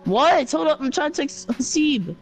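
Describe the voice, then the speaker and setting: A young man in gaming voice chat, whiny and defensive, often yelling at his friends. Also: very high-pitched, big pitch swings, normal speed, soft background music. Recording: noisy game capture.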